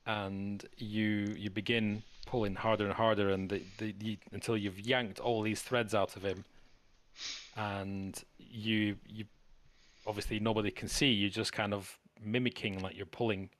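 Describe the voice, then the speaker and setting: A man's voice: on the low side, flat delivery, fairly bright tone. A man narrating a tabletop game as game master, stumbling and restarting his sentences. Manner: halting narration with stutters and restarts.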